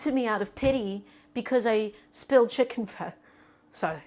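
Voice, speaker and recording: A woman's voice: fairly high pitch, moderate pace, a little mellow, a little hiss or hum. A woman streaming live while cooking, chatting to her viewers and hamming up her small annoyances for laughs. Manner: mock-dramatic grumbling, playful.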